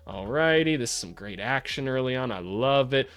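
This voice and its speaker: A young man gives a casual breakdown of basketball film with an ordinary mid-pitched voice. He swears freely, talks straight to the players on screen, and gets loud and high when a play excites him. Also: normal speed, few pauses, dry recording. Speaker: host breaking down draft prospects.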